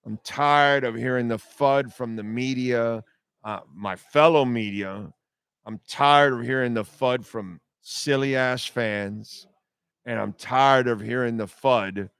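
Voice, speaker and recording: A man's voice: medium pitch, slow, a bit bright, clean tone, no echo. A man hosting a sports radio show, ranting bluntly and profanely in a heated, repetitive monologue.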